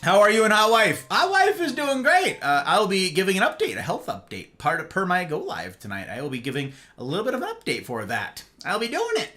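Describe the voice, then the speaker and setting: Animated man, bright lively voice. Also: high-pitched, a little fast, few pauses, soft background music. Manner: animated, jumps from excited squeals to mumbled asides. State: tired. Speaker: live streamer greeting chat. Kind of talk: casual live-stream chat.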